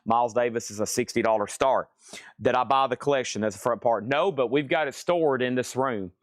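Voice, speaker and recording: A man keeps up easy auction patter from a record store, calling out items and prices while cracking jokes. His voice sits at a middle pitch for a man. The sound is dry and close, with no room around it. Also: fairly quick, no echo. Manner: chatty and joking, rambling between prices. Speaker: live-stream vinyl record seller. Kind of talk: live auction sales patter.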